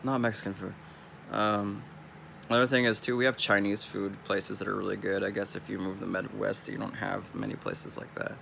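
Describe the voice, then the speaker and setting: Gravelly-voiced Californian guy rambling. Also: fairly low pitch, flat delivery, fairly quick, bright, forceful tone, slight background noise. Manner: rambling, laid-back, chuckling. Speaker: streamer. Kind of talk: casual vlog monologue.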